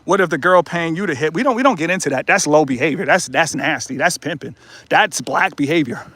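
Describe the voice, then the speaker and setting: A man's voice: fairly high pitch, fairly quick, pushed and bright, no echo. A man hosting a casual livestream outdoors on a mountain trail, joking and riffing with his chat as he walks. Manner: joking, playful, riffs with chat and laughs often. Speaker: livestream host.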